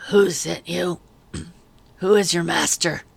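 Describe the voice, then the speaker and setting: A woman voicing an older male officer with a raw, raspy voice who asks curt questions. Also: fairly low pitch, slow pace, heavily acted. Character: gruff officer, an older man with a sore throat.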